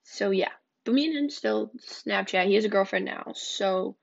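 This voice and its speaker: A woman's voice: medium pitch, moderate pace, gravelly. A young woman hosting a podcast, telling dating stories in a candid, blunt way and swearing freely. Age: young adult. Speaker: podcast host. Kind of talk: casual storytelling podcast. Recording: dull lo-fi recording.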